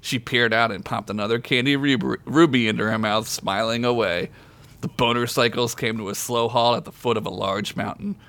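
A man's voice: medium pitch, fairly even intonation, moderate pace, fairly bright tone. A man hosting a podcast, reading a comedy story aloud and laughing along. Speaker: podcast host.

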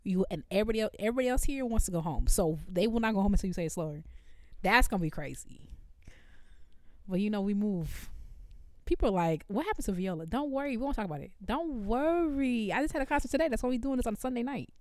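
A young woman co-hosting a chatty podcast, rattling off her thoughts at speed and laughing easily. Her voice sits mid-pitched and is recorded close and dry. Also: no echo. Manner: fast-talking, animated, laughs often. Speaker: podcast co-host. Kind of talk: casual chat.

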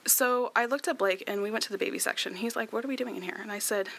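A woman's voice: medium pitch, quick pace, creaky, fairly bright tone. A young woman chatting through a personal story, with many fillers and laughs, tearful at times. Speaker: guest sharing her story.

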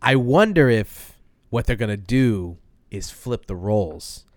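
Man, podcast co-host, low voice, dry close sound, rambling casual chat. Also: lively intonation, a little slow, no echo. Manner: rambling, thinks aloud with fillers.

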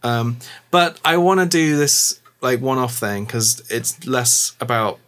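A man's voice: mid-range voice, lively intonation, a little slow, fairly bright tone. A man chatting casually on a podcast about playing and running tabletop games, rambling with many filler words. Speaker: tabletop game player and game master.

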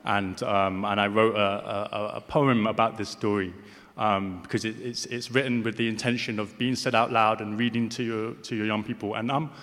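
A deaf man performing spoken word poetry on stage, with slightly slurred speech, moving between rhythmic recitation and soft, hesitant asides to the audience. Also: lowish voice, steady tone, normal speed. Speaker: poet performing. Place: large hall on stage. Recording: live hall reverb.

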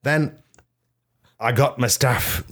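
Male comic, low voice; deadpan absurd monologue with shrill outbursts. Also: a little slow. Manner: deadpan storytelling with shrill shouted quotes. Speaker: comedian.

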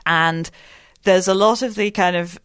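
A woman's voice: lowish voice, a little slow, fairly bright tone, clean tone, dry recording, studio quality. Thoughtful woman explaining on a podcast. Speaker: journalist guest. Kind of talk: conversational podcast chat.

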